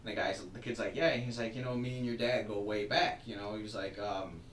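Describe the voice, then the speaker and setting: A podcast co-host with a lowish voice retells a story quickly during casual wrestling chat, animated and acting out the lines he quotes. He sounds a little distant from the mic in a roomy space, with faint background ambience humming behind him.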